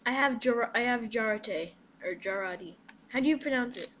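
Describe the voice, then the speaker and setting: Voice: mid-range voice, fast, a bit bright, lo-fi sound, a little hiss or hum. A gamer chatting casually over a match, explaining the game and reacting to plays. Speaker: gamer playing with a friend. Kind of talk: casual gameplay chat.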